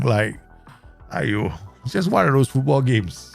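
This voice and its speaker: A man with a Southeast Asian English accent commentating live on his management game, chatty and quick to laugh as he talks to his viewers. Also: medium pitch, animated, gravelly, soft background music. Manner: chatty, laughs easily, talks to himself and chat. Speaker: game streamer.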